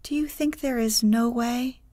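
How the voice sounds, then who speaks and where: A woman's voice: on the high side, unhurried, warm tone, no room sound, clean studio sound. Woman reading an earnest old village pastor.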